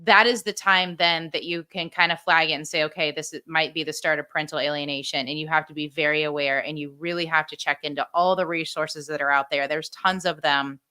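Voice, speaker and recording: A woman's voice: sits low, steady tone, a little fast, few pauses, sharp tone, clean tone. A middle-aged woman, a podcast guest, earnestly telling her own story and giving advice to parents. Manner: earnest, heartfelt.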